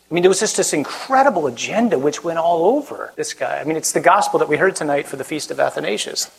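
A man's voice: a little high, animated, fast talker, vocal fry, few pauses, slightly rough, poor audio. A man, a Catholic priest, giving a conversational sermon, joking with the audience and putting questions to them.

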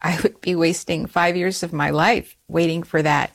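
Woman being interviewed, middle-aged, lowish voice, animated storytelling, stumbles and restarts. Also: moderate pace. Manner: animated, rises high when quoting herself; frequent restarts and repeated words. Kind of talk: personal storytelling.

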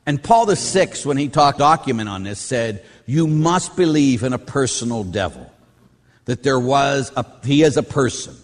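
A man who is a Catholic priest, giving an animated teaching talk on faith and telling stories with mimicked voices. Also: medium pitch, normal speed. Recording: long hall reverb.

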